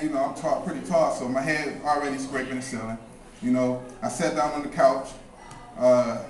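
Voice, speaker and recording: A young man doing a stand-up comedy set, telling stories in a laid-back, deadpan way. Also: medium pitch. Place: comedy club with a live audience. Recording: roomy club sound from a distance, crowd laughter. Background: audience laughing.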